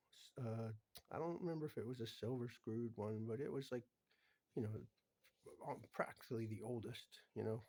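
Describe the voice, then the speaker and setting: A man talking casually through his homemade guitar pedals in a rambling, meandering way, often trailing off into low murmurs. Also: a little mellow, no room sound. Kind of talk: casual show-and-tell vlog.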